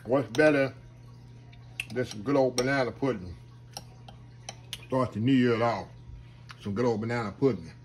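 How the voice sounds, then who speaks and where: A man's voice: medium pitch, moderate pace, long pauses, a little hiss or hum, low-quality recording. A man hosting a casual home cooking vlog, folksy and chatty, often calling out to viewers as y'all. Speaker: home cooking channel host.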